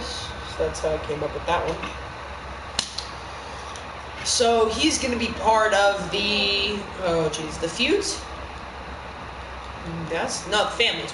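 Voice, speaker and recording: A game streamer giving rambling, playful live-stream commentary with sudden squeaky outbursts. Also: unhurried, pauses often. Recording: echoey room with background noise.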